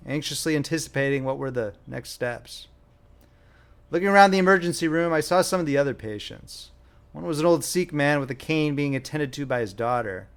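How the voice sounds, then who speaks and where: A young man reading his own audiobook as author and narrator, with a wry, self-deprecating manner. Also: on the high side. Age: young adult.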